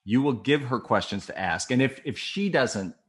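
An older man, a former TV news photographer and reporter, telling stories from his career in a casual, animated way and acting out the people in them. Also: medium pitch, normal speed. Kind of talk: casual anecdotal storytelling.

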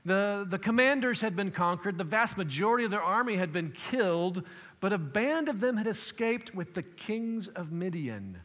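A man's voice: sits high, animated, moderate pace, a bit bright. A man preaching a sermon as pastor, shifting his emphasis and acting out quotes as he explains a passage. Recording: long hall reverb.

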